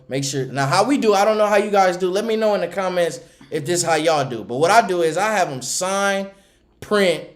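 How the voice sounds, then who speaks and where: A man who runs a small trucking company, telling a story on a casual livestream, animated, laughing often and acting out the people he talks about. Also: on the high side. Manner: animated, acts out the people in his stories.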